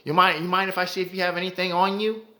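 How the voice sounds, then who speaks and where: A man's voice: high-pitched, flat delivery, fast talker, sharp tone. A man voicing a nosy, mocking male police officer who fires off prying, stammering questions. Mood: badgering.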